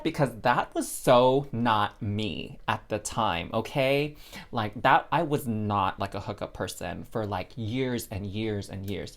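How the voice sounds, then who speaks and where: A man giving a casual, chatty tarot reading, talking straight to his listeners like friends. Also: lowish voice. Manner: chatty and expressive, addresses listeners as girl and y'all. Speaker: tarot reader.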